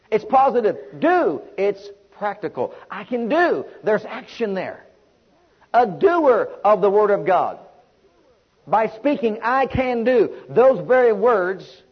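Male preacher, high husky voice, emphatic call-and-response sermon, muffled lo-fi recording.

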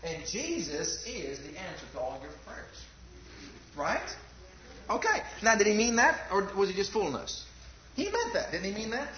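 A man's voice: high voice, sing-song, normal speed. A man preaching a fervent sermon, firing rhetorical questions at the congregation and calling for amens. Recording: echoey, dull lo-fi church recording.

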